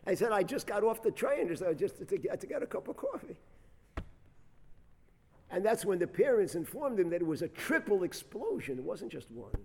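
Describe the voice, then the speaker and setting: A man preaching as a rabbi, telling a story with dramatic swings between loud bursts and soft, quiet reflection. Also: high voice, sing-song, fairly quick, breathy edge. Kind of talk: sermon storytelling. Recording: long hall reverb.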